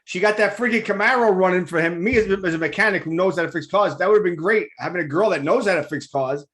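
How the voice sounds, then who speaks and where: A man's voice: sits high, fast talker, fairly bright tone. A man hosting a talk show, chatting eagerly with a guest and rambling with repeated words. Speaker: radio show host. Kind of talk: enthusiastic casual interview.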